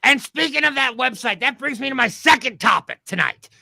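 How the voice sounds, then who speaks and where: A man's voice: very high voice, animated, brisk, vocal fry, dry recording, full character voice. A man playing a brash, blustering host of a mock news panel in a comedy sketch, on a video call. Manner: loud, blustering, pushy.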